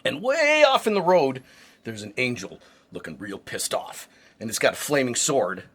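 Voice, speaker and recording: A man hosting a casual chat, telling a story in an animated way, swearing and laughing often. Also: medium pitch, moderate pace, husky. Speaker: podcast host.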